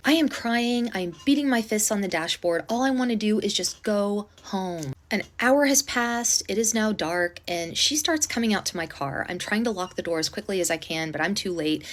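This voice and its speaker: Animated woman telling a dramatic story. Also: medium pitch, normal speed. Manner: animated, swearing, dramatic retelling. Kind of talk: casual storytime.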